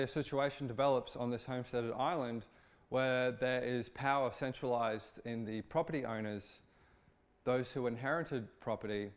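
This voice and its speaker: Man, satirical commentary, informal, halting restarts, mid pitch. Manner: informal, repetitive restarts, occasional swearing. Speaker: political commentator.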